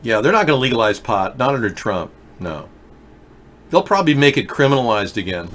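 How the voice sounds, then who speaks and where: A man's voice: medium pitch, sing-song, brisk, fairly bright tone. A man hosting a live political video chat show, talking emphatically and directly to viewers while wearing a mouth guard. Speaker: political talk show host.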